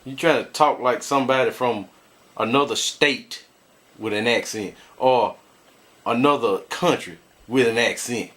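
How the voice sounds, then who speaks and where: A man's voice: medium pitch, a little slow, a bit bright. A married man vlogging, ranting bluntly to his viewers and laughing often as he complains. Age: adult, married. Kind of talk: casual ranting commentary.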